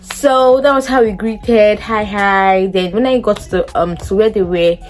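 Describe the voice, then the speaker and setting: A young woman with a Nigerian English accent telling a personal story to her vlog audience, lively and acting out what people said. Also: a little slow, soft background music. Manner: animated, acts out quoted dialogue in a much higher voice. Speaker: vlogger. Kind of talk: casual storytelling.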